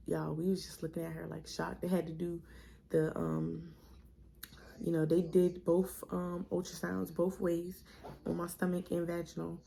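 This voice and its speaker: A young woman tells her story in a chatty, animated way, calling her viewers y'all. Her voice is low and mellow with a gravelly fry. A faint hum of room noise sits behind her. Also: normal speed. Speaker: vlogger. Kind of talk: casual storytelling vlog.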